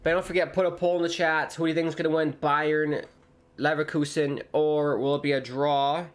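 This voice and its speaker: A young man from the United States hosting a live football watchalong, chatting casually and joking, with sudden excited shouts. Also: a little high, normal speed. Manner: rambling, jokey, breaks into excited shouts. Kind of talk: casual live commentary and chat.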